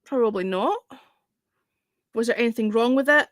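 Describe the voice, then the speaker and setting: A woman hosting a music review livestream, talking in a rambling, casual way and dropping the odd swear word. Her voice sits a little on the high side for a woman. The sound is dry and close, with no room echo. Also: moderate pace. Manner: chatty, rambling, peppered with "you know" and the odd swear word.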